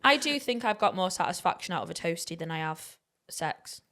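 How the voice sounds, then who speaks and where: A woman's voice: on the low side, lively intonation, a little fast, fairly bright tone. English woman telling candid anecdotes. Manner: chatty anecdotal storytelling, self-mocking. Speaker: podcast co-host. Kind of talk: casual chat.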